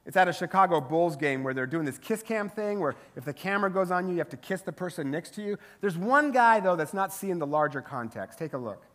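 A male pastor giving a sermon in a relaxed, chatty way, tossing in jokes and quick rhetorical questions. His voice sits a bit higher than most men's. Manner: conversational, humorous, rhetorical asides.

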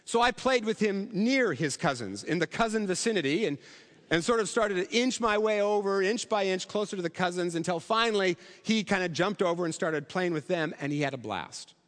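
A middle-aged male pastor with a high voice preaches, telling stories in a conversational way and tossing out rhetorical questions. His voice carries a long reverb of a large hall. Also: expressive, fairly quick, fairly bright tone. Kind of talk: sermon.

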